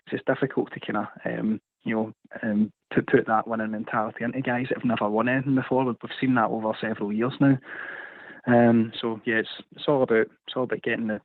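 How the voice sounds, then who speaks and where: A man calling in to a radio show, speaking in a measured way with many fillers. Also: lowish voice, dry recording. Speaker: caller. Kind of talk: casual phone-in opinion. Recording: tinny dry phone line.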